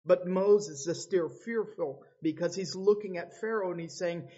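Slow, husky-voiced man preaching a sermon. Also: sits high, warm tone, lo-fi sound. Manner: dramatic, acts out biblical voices. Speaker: pastor.

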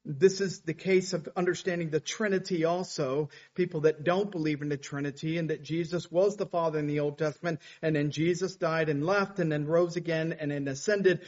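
A man with a high voice preaches a sermon. He builds his delivery up as he reads scripture quotes. The recording sounds dull and lo-fi. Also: darkish tone.

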